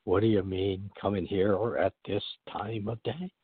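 A man voicing a gruff, growling old miser who has turned jovial toward his clerk. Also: on the low side, fairly even intonation, moderate pace, no room sound, voice pushed down. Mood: gruff, booming. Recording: narrow phone-line sound.

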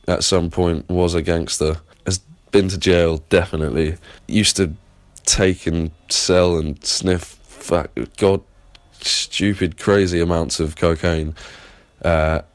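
Slow and fairly even in intonation, this deep-voiced host from Plymouth, England, rambles and swears his way through a casual audio diary. His storytelling is enthusiastic, with no room sound.

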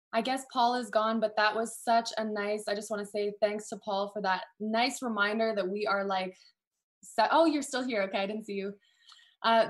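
A woman on a video call, sharing warmly and apologizing nervously as a guest, then singing her own song. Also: medium pitch. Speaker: guest singer-songwriter. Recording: backing music playing. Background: backing music.

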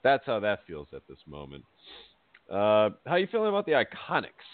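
Lively low-voiced man, phone-like sound. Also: moderate pace, no echo. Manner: animated, rambling, laughs often. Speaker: podcast co-host. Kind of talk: casual wrestling chat. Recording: dry, phone-like audio.

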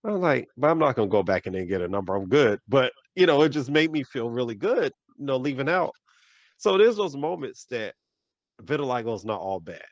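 A man's voice: mid-range voice, expressive, brisk, dry recording, dull audio. Storytelling man hosting a podcast. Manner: storytelling with repeated "right, right" and "I'm like". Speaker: podcast host. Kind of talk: casual podcast chat.

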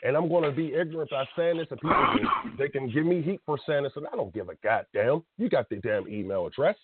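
A man in his thirties, hosting a call-in show, speaks bluntly and emotionally, laughing and restarting as he rants. His voice rises and falls a lot and sits a bit high. The sound is dry and narrow, as if carried over a phone line. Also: animated, quick pace, breathy edge. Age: 30s. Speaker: podcast host. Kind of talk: casual call-in wrestling talk.

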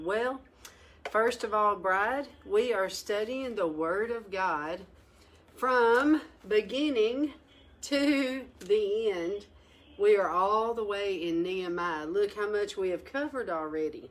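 A woman leading a Bible study, exhorting her listeners emphatically with sharp rises in pitch. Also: animated, slow. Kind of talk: lively Bible teaching.

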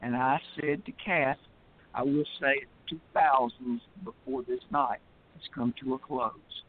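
A man's voice: medium pitch, steady tone, unhurried, a little hiss or hum. A man who is a poet and regular caller, chatting in a rambling, upbeat way. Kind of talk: casual chat. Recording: tinny phone line.

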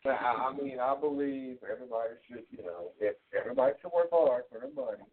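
A man's voice: medium pitch, quick pace, slight background noise. A man co-hosting a radio show, rambling through a story in easygoing casual chat. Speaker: radio co-host. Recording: tinny phone-like sound.

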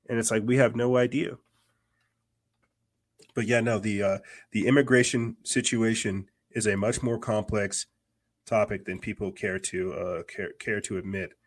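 A man from the United States hosts a podcast of casual political commentary. His voice sits rather low, and he rambles, circling back and repeating words with plenty of fillers. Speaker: podcast host.

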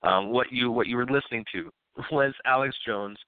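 Man on a tinny phone line, smooth voice. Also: mid-range voice, normal speed, no echo. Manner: loose and profane, retelling news with laughs. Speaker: podcast host. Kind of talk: casual podcast chat.

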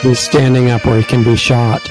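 A male radio host retelling a film scene for his listeners, animated and quoting the characters as he goes. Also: medium pitch, normal speed, loud music behind the voice.

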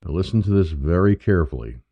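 Deep voiced new york guy hosting his own radio show, cussing and ranting, swoopy delivery, dry muffled sound. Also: animated, fast talker, no echo. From New York State, USA. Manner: profane, ranting, emphatic. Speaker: internet radio show host. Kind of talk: political talk radio monologue. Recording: dull lo-fi dry audio.

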